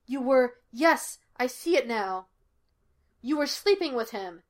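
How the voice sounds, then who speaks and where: A woman's voice: sits high, lively intonation, slow, pitched above the performer's own voice. Woman reading as a cocky wisecracking male psychic. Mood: probing. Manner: flippant, teasing.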